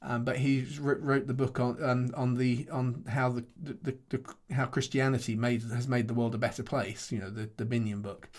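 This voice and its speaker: A middle-aged man, a pastor answering questions after a teaching session in a halting, thoughtful way, restarting often and chuckling between points. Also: mid-range voice, flat delivery, darkish tone.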